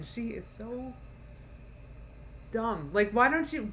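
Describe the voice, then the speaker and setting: A woman's voice: on the high side, a bit bright, slight background noise. A woman streaming a live reaction, mocking what she watches, laughing often and talking to her chat. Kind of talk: casual live reaction commentary.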